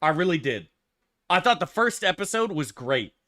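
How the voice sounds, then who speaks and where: A man's voice: fairly high pitch, very animated, normal speed, sharp tone. A man streaming a game, answering his chat in loose, profane, rambling banter. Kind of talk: casual livestream chat, answering chat.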